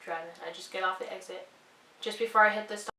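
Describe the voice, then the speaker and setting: A woman's voice: medium pitch, fairly even intonation, fast talker, pushed and bright, roomy sound, far from the mic, poor audio. A young woman vlogger telling a personal story, earnest and apologetic, rambling with lots of fillers. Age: young adult.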